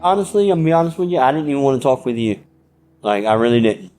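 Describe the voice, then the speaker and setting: A man speaks in a casual interview in a guarded, blunt way. He talks quickly, and soft guitar music plays behind him. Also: mid-range voice, animated.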